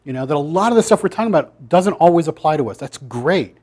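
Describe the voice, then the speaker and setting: A man's voice: on the high side, lively intonation, fast talker, a little mellow, slightly rough. Conversational man preaching to a group. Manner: conversational, challenging, with dry asides. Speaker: pastor. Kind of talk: informal sermon to a church group. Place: church meeting room.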